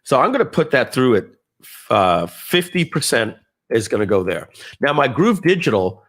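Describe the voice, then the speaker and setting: A man leading a live software training webinar, chatty and animated, often acting out people's reactions as he tells stories. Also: medium pitch, normal speed.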